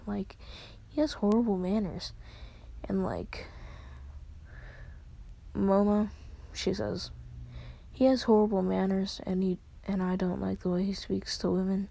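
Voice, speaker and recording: A woman's voice: medium pitch, little pitch movement, a little slow, vocal fry, long pauses, warm tone. A woman retelling a fan story in a whispered role-play, with casual fillers and quoted lines.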